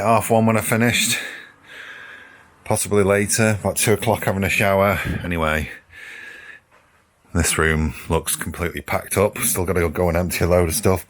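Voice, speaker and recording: A man's voice: low voice, steady tone, moderate pace. A man casually narrating a vlog with chatty, rambling updates on his home and van work. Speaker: vlogger. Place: van and house during a move.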